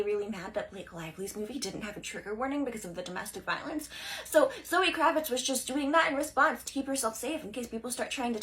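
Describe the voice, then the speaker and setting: A young woman retelling movie scenes in casual, animated commentary full of filler words. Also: fairly high pitch, rough recording. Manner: animated, fast-talking, lots of filler words. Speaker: social video creator.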